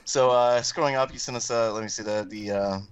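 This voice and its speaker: A man's voice: mid-range voice, steady tone, fairly quick, clear, resonant tone, muffled recording. A man co-hosting a casual podcast, rambling as he reads out listener tweets and laughing along. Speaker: podcast co-host.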